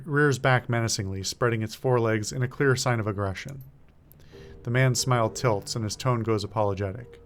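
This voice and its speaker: A man streaming a game, reading its text aloud and thinking out loud in a casual way, stumbling now and then over words. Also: mid-range voice.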